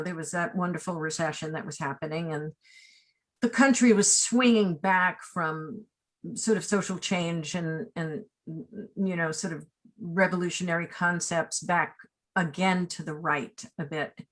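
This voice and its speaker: A woman in her sixties, a casting director being interviewed, who tells personal stories in an animated, rambling way full of asides and tag questions. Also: fairly low pitch, measured pace. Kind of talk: remote interview, personal storytelling.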